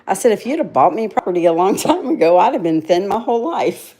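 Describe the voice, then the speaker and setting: A woman's voice: medium pitch, big pitch swings, fast talker, warm tone. A middle-aged woman, chatting casually with viewers on a livestream and laughing often at herself. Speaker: livestream host.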